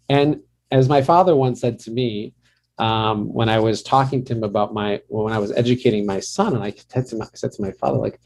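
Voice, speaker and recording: Mellow-voiced man leading a workshop. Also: medium pitch, vocal fry. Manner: conversational, laughs often, addresses participants by name. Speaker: marriage counselor. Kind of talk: workshop talk to a group.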